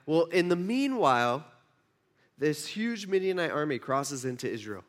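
A male pastor retells a scripture story in a casual, animated sermon, with many restarts as he talks. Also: mid-range voice, measured pace. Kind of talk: conversational sermon.

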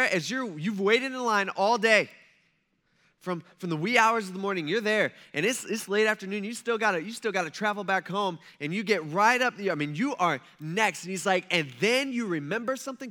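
A pastor gives a sermon in a high, bright voice. He talks to the congregation casually, slipping in joking asides and quick questions. The talk has the loose feel of a conversation, not a formal address. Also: lively intonation.

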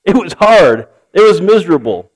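A man's voice: high-pitched, very animated, moderate pace, rough recording. A man preaching a sermon, telling a joke story and acting out its characters with animation. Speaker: pastor.

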